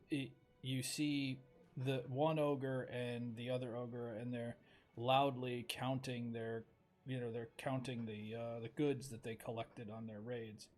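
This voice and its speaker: A man running a tabletop game as game master, narrating haltingly with many ums and pauses. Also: medium pitch, a little mellow. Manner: halting, full of ums and pauses while setting up.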